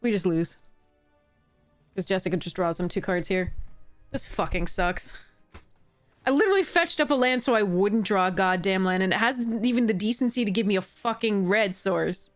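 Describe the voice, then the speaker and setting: A woman commenting on her own card game, exasperated and swearing, with sudden high-pitched outbursts. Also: lively intonation, a little fast, faint music behind. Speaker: streamer playing a card game. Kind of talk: frustrated gameplay commentary.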